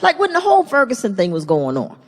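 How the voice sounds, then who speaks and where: A middle-aged woman performing a stand-up comedy set, animated and jumping into loud put-on voices for punchlines. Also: a little high, fast talker. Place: large theater stage. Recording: live theater stage mic with long hall reverb and audience laughter. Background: audience laughter and ambience.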